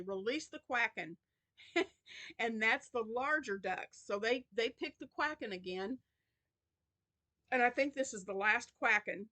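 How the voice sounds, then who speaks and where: A woman's voice: a little high, bright, forceful tone. A woman hosting a crochet channel in a casual vlog, chatty and rambling with many restarts, tired and yawning.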